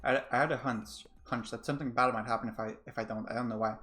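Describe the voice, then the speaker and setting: A man's voice: mid-range voice, fairly even intonation, fast talker, a bit bright, natural voice. A man voicing a diligent, timid young man who checks every list, speaking hesitantly and stumbling over his words as he reads game dialogue aloud. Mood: earnest. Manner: hesitant, stammering.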